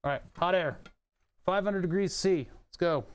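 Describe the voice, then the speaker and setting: Working on a keyboard repair during a casual livestream, a man talks at normal speed in a high-pitched, clear, resonant voice. He's profane and rambling, clearly amused by himself, with air conditioning running in his home room.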